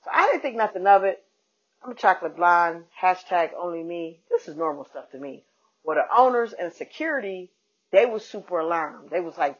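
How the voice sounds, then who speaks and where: A woman's voice: on the low side, brisk, slightly rough. Woman comedian telling a story, lo-fi. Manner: animated, acts out quoted people. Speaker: comedian and podcast host. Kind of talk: casual storytelling monologue. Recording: dull lo-fi podcast audio.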